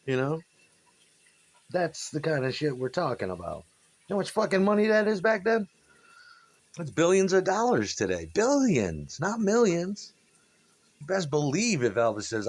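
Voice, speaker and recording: This musician's voice is a little high, moving at a moderate pace with long pauses. He tells rambling, profane stories about old gigs, turning animated as he acts out people's lines in a casual monologue.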